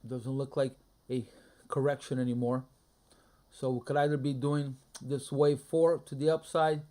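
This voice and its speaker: Guy with a mellow dark voice talking thru his trades live, low-key, half to himself. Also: flat delivery. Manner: muttering thoughts aloud, low-key and halting. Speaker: day trader streaming a live trading room. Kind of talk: casual live market commentary.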